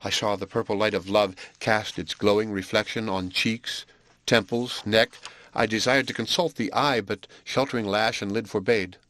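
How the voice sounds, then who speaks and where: A man narrating a classic novel in a measured, even, literary way. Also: fairly low pitch, dry recording. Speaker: audiobook narrator. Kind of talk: scripted narration.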